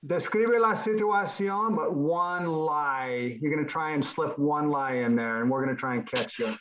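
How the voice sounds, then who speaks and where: A man teaching an online Spanish class, praising students and drilling them with quick questions. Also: on the high side, fairly bright tone, dull audio, a little hiss or hum.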